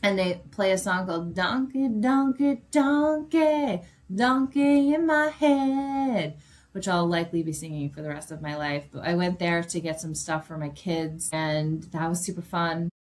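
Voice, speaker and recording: A woman's voice: low-pitched, flat delivery, brisk, hardly any pauses. A woman in her forties hosting her own podcast, chatty and emotional, a little jet-lagged, swearing casually as she talks. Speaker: podcast host and life coach. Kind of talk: casual solo podcast monologue.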